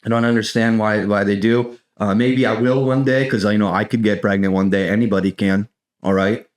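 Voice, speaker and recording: A man's voice: on the low side, steady tone, brisk. A young American man hosting a podcast, riffing in a rambling, profane, sarcastic comedic monologue and saying "dude" constantly. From United States. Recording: echoey room.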